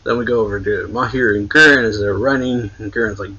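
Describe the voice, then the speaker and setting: A man's voice: lowish voice, fairly even intonation, fairly quick, sharp tone, husky. A man casually recapping a manga chapter, rambling and laughing often, on a muffled recording. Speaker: manga reviewer.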